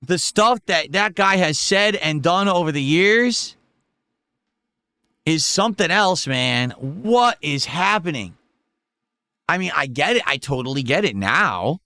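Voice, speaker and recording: Bright-voiced man reacting on stream. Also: a little high, lively intonation, a little slow, no room sound, clean studio sound. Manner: exclaiming, incredulous. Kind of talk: reaction commentary.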